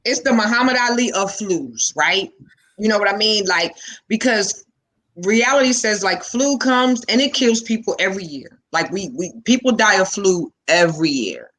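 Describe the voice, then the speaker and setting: A woman's voice: medium pitch, animated, normal speed, fairly bright tone. A middle-aged woman in casual panel chat, earnest and full of "you know" fillers. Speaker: panel guest.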